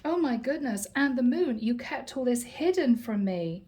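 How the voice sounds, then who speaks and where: A woman's voice: on the high side, expressive, normal speed, warm tone, slight background noise, close to an everyday voice. A woman plays a wife who hams up her heartbreak to win a better settlement. The grief is theatrical and overdone, with a slightly raised voice. Underneath she is calculating. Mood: mock devastated. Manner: melodramatic, mock-grieving. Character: wife feigning heartbreak, secretly scheming woman.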